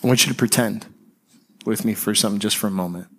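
A man preaching a sermon as pastor, speaking conversationally and slowing and softening on key phrases. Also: fairly low pitch, breathy edge.

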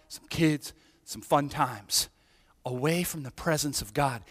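A man preaching a sermon, emphatic and animated, his voice climbing high when he quotes. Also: takes it slowly. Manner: emphatic, rising to near-shouts on quoted lines. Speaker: pastor. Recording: long hall reverb.

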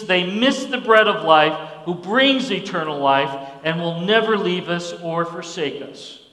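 A man's voice: high-pitched, pushed and bright. A man preaching a sermon as pastor, folksy and emphatic, repeating his points. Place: church sanctuary. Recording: echoey hall reverb.

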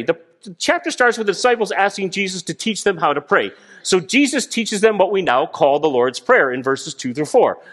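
A man preaching a sermon, animated, acting out voices as he explains a passage. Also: sits high. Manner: animated, acts out voices of God and people. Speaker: guest preacher.

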